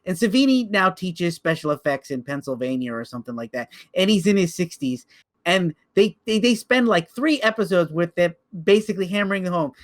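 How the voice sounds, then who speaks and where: Male co-host with a high voice; excitable storyteller who tumbles over his words. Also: fairly quick. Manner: excited storyteller, repeats words when speeding up. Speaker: podcast co-host. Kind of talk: casual podcast chat.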